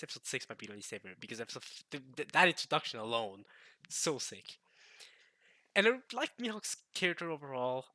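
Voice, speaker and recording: A man's voice: mid-range voice, pushed and bright, dry recording. A man vlogging, giving an emphatic, rambling opinion rant in casual talk. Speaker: anime vlogger.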